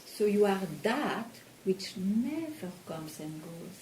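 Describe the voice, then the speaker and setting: Woman, spiritual teacher, satsang dialogue, slow questioning delivery, echoey room, faint hiss. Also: medium pitch, sing-song, a little mellow. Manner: slow, probing, questions the listener.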